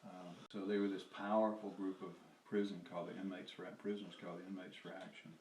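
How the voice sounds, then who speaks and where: A man's voice: deep voice, level tone, fast talker, darkish tone. An older man with a Southern US accent, telling a rambling personal story with chuckles and profanity. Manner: chuckling, profane, trails off and restarts. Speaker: interviewee recalling activism. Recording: roomy, distant mic with faint noise.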